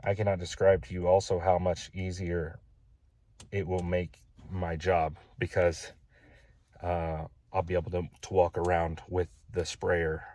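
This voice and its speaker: A man's voice: low voice, little pitch movement, unhurried, a little mellow, no room sound. A man building his own house, telling a casual, exasperated story in a vlog and repeating his gripes.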